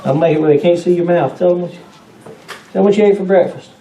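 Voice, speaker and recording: A man's voice: high-pitched, quick pace, dark tone, lo-fi sound, slight background noise. A man leading a children's church lesson, patient and coaxing, full of questions to the kids. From Georgia, US. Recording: echoey room from far off, kids chattering.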